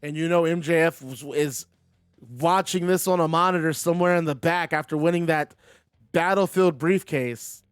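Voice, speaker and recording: Male streamer, high clear voice, play-by-play caller who chats to his viewers, dry close recording. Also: normal speed, no room sound, faint music behind. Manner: chatty, talks to viewers between calls. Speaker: video game streamer. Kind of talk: play-by-play wrestling game commentary.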